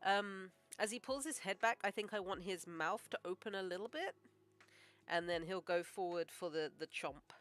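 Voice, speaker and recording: A woman animator chatting casually on a live stream while she draws, joking and thinking out loud. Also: mid-range voice, moderate pace. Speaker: animator streaming her work.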